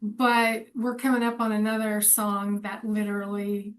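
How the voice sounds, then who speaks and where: A woman's voice: mid-range voice, monotone, a little slow, slight background noise. Woman in her forties, casual chat, candid, rambling, laughs a lot. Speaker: co-host.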